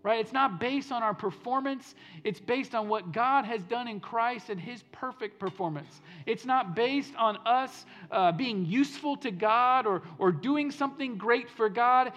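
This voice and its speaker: A male pastor preaching a sermon in an earnest way, repeating phrases for emphasis and telling stories, swinging from loud to hushed. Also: extremely high pitch, unhurried, hardly any pauses, soft background music. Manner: storytelling delivery that swings between loud and hushed.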